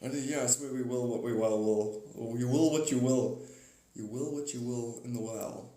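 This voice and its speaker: A man's voice: mid-range voice, steady tone, normal speed, warm tone. A man hosting a live stream, rambling about spiritual ideas with playful wordplay, chuckling often and talking to viewers by name. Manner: speaks straight to viewers by name. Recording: roomy echo.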